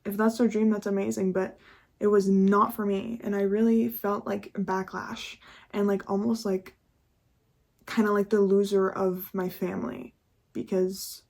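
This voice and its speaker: A woman's voice: mid-range voice, creaky, darkish tone. A young woman talking candidly in a casual confessional vlog, chatty and full of swearing and laughter. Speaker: YouTuber.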